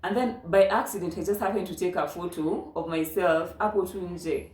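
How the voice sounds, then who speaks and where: A young woman with a Kenyan accent chatting casually as host, telling animated stories mixed with Swahili phrases. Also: fairly low pitch, a little fast, few pauses. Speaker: channel host. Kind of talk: casual chat. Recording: echoey room.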